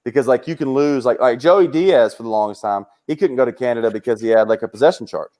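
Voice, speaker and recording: A young adult man, a comedian telling fight stories in casual chat. He swears freely and jumps into high voices when he quotes people. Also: quick pace, background noise. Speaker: comedian guest. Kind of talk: casual storytelling.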